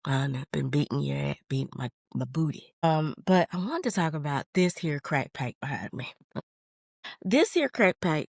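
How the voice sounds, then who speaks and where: A woman podcast host, chatting casually while she recovers from the flu, playful and slangy with animated jumps in her voice. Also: fairly low pitch, no room sound, clean studio sound. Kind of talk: casual chat.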